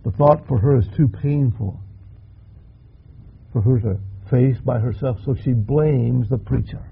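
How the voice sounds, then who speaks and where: Older man, impassioned pastor, raspy and lively delivery, dull lo-fi sound. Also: measured pace. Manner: dramatic, impassioned preaching with big swells in pitch and volume. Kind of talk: sermon. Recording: dull lo-fi recording.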